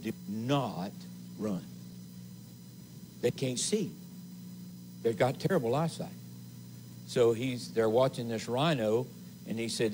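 A man preaching a sermon as assistant pastor in a church, slow and emphatic, with repeated phrases and pauses. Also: mid-range voice, darkish tone, slight background noise, rough recording. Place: church sanctuary.

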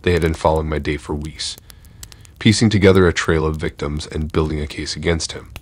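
A man reading a first-person horror story in a measured, tense storytelling manner. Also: a bass voice, fairly even intonation, breathy edge.

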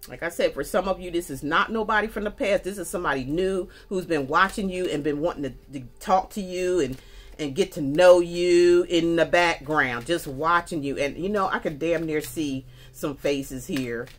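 Low-voiced woman giving a chatty tarot reading. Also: moderate pace. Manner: chatty, folksy, talks straight to viewers with y'all. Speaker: tarot reader. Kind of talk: casual spoken tarot reading. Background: faint music.

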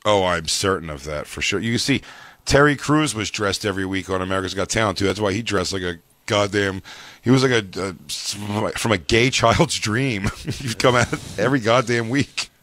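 A man co-hosting a live radio comedy show, swearing and joking in loose banter. His voice is bright and forward. It is recorded close and dry in the studio. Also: normal speed, dry recording. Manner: crude, joking, slips into silly high voices.

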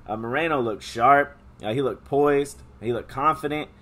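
A man from California, a podcast co-host, talking in casual chat with a hoarse voice that he is losing, halting often with many fillers and restarts. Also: mid-range voice, sharp tone. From Stockton, California. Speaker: podcast co-host, MMA betting picks.

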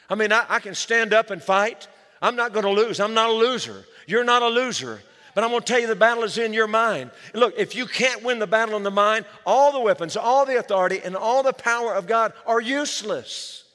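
A man's voice: sits high, sharp tone. A man preaching a sermon as pastor, with energy, calling the church for amens. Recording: long hall reverb.

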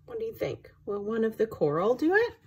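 A woman reading a picture book aloud to children, pausing to ask them questions. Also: fairly high pitch, expressive, mellow, husky. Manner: engaging, asks the listeners questions.

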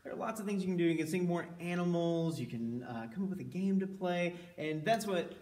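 A man leading a children's music session, playful and animated, singing and whooping with the kids. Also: sits high, brisk, echoey room, distant mic. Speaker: children's library music leader. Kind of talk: children's sing-along lesson. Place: library room.

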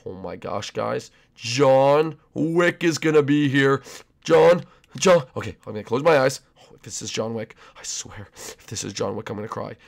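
A man doing an excitable kid koopa prince. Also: mid-range voice, normal speed, vocal fry. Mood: starstruck. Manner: gushing, starstruck, stammering. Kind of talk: Minecraft role-play.

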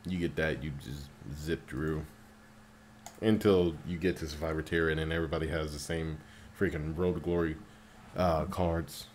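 A man casually commentating his mobile game as he plays, getting excited and swearing at the game when it annoys him. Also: a bass voice, normal speed, a little hiss or hum. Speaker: mobile game player narrating gameplay.

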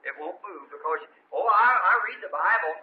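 Male preacher, high voice, folksy storytelling sermon, rising and falling, roomy lo-fi tape with hiss. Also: lively intonation, moderate pace. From United States. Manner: folksy storytelling preaching, swinging from loud to low.

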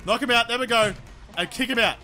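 Very high and bright, the voice belongs to a young male YouTuber who talks fast and loud, swearing and screaming through his let's-play commentary. Faint game music sits underneath, the mic is a desk model, and the yelling has left his throat sore.

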